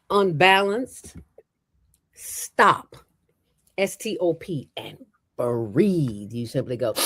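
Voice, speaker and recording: Lively, low-voiced middle-aged woman. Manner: animated, emphatic, preachy and playful; fast talker from years on radio. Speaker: guest, nonprofit founder. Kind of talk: casual interview chat.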